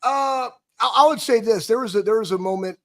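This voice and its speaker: A man with a strikingly high voice co-hosts a casual sports talk show. He tells stories animatedly, restarting sentences and laughing as he goes. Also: a little fast, a bit bright. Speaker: co-host, former football player.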